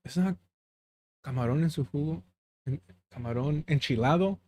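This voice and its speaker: A man's voice: a little high, moderate pace, a little mellow, a little hiss or hum. A man from the US–Mexico border region, live streaming as host and telling a long, rambling story to his chat, dropping Spanish phrases in and often losing his words. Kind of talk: casual rambling chat with viewers.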